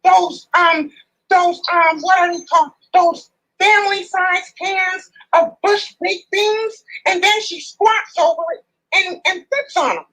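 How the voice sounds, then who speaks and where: Female caller, very high and bright, mocking and insulting, trash-talk roast. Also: unhurried, low-quality recording.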